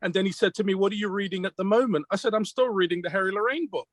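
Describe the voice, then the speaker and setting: British male magician, interview storyteller, voice on the high side, dry close recording. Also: rapid-fire, dry recording. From Britain. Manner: retells mentors' advice as quoted dialogue, with questions and answers; earnest, reflective. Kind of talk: conversational storytelling.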